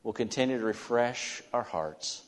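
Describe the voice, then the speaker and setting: A man delivers a sermon in a mid-range voice, rising to loud, emphatic stretches and then easing into soft, slowed-down endings. The sound carries a long hall reverb, as in a church sanctuary. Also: medium pitch, expressive. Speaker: pastor.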